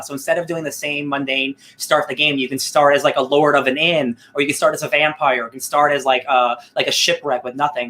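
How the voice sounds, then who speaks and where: A man's voice: a little high, sharp tone. A man co-hosting a casual podcast, talking in a rambling, upbeat way with lots of fillers and restarts. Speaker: podcast co-host.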